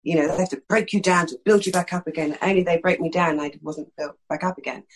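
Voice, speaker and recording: A middle-aged actress from East London with a slight lisp, telling frank, animated stories in a candid interview. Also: female voice, fairly low pitch, fast talker, breathy edge, low-quality recording. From East London, England. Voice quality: slight lisp that sometimes creeps in. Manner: frank, animated storytelling with many fillers.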